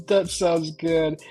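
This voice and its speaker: A woman's voice: fairly low pitch, darkish tone. A middle-aged woman hosting a casual live stream, chatting animatedly and asking her viewers lots of questions. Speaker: livestream host.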